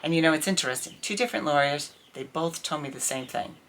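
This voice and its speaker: A middle-aged woman talking candidly to camera in a casual vlog, telling an indignant, animated story about her life. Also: deep voice, fast talker, slight background noise. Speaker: vlogger.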